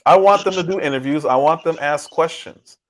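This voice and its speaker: A man's voice: fairly high pitch, brisk. A man hosting a livestream, reacting to clips and reading chat in casual political commentary. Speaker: livestream host.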